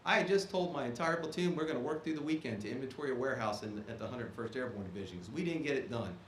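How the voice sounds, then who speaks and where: A man's voice: mid-range voice, very fast, a little hiss or hum. Emphatic man speaking in an echoey auditorium. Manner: emphatic, punctuates points with "okay?". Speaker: guest speaker, Army officer. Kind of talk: ceremony speech. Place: performing arts auditorium.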